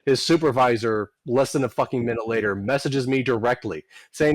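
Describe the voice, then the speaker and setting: A man playing in a tabletop game, telling stories in an animated way and swearing freely while chatting with friends. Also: medium pitch, moderate pace, hardly any pauses, no echo. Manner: profane, animated storyteller. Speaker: player. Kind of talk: casual chat at a tabletop game.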